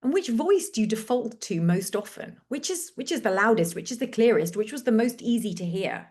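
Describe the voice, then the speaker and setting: A woman hosting a webinar, leading a slow, gentle guided reflection exercise over a video call with repeated prompts. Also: fairly high pitch, lively intonation.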